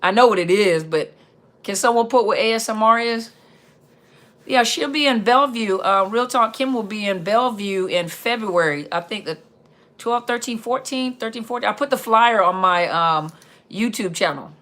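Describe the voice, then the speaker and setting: A woman hosting a live Q&A stream, chatting casually and reading out viewer comments in an upbeat, chatty way. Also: a bit bright. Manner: upbeat, chatty, reads out viewer comments with quick pitch jumps.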